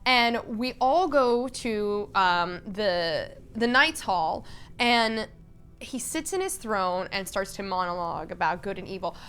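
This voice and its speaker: A woman's voice: mid-range voice, slow pace, a bit bright, smooth. A woman vlogger telling an enthusiastic, casual story, full of "like" and fillers. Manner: enthusiastic, filler-heavy with lots of "like".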